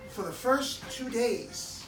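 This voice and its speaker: Speaking slowly in a very high voice, a man gives emotional remarks to a crowd at a community gathering held inside a hair salon. He's a dog owner recounting a personal story, animatedly voicing the quoted dialogue, and the poor recording sounds roomy and far-off, with music under it.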